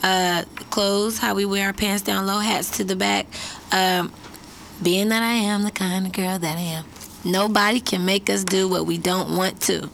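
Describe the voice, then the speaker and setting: A woman's voice: mid-range voice, fairly even intonation, normal speed, vocal fry, a bit bright, a little hiss or hum. A young woman singer explaining her group's image earnestly in a casual interview.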